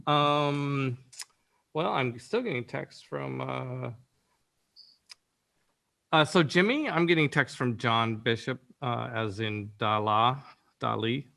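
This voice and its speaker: Bright, gravelly-voiced male director. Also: mid-range voice, takes it slowly, pauses often. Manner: rambling, filler-heavy instructions. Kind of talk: directing actors in a recording session.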